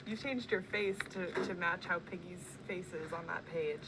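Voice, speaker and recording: A woman's voice: lowish voice, normal speed, very noisy. A woman teacher in a one-on-one reading conference with a child, patient and encouraging, prompting with questions.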